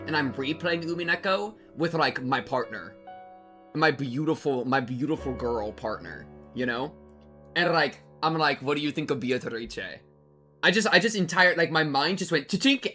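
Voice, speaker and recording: A young man streaming a game, chatting to his viewers in a rambling, jokey, excitable way and sometimes reading the game text aloud. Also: on the high side. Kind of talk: casual game-reaction commentary.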